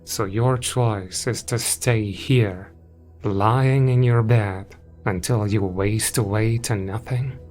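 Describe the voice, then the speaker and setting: A man voicing a cruel, contemptuous winged male creature in a horror story, taunting in a slow drawl. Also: lowish voice, fairly even intonation, a little mellow. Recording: music in the background.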